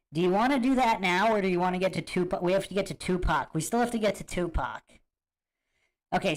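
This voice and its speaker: A man hosting a livestream, chatting casually to viewers and reacting to clips with a musing, emphatic manner that repeats points. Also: high voice. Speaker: host of a livestream commentary show.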